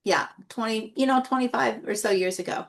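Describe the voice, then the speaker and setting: Animated woman telling stories. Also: brisk, vocal fry. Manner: lively, animated anecdotes with big pitch jumps. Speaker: guest artist. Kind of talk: casual interview storytelling.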